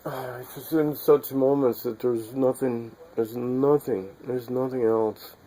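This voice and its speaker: A man's voice: mid-range voice, steady tone, a little slow, warm tone, slight background noise, low-quality recording. A man musing in a rambling way about faith and life, repeating himself and chuckling often. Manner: meandering, repetitive, chuckling often.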